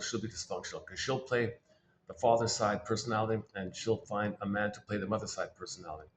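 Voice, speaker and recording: A man's voice: on the low side, a little hiss or hum. A man giving a rambling spoken talk on psychoanalytic ideas, repeating himself, restarting phrases and correcting himself as he thinks aloud.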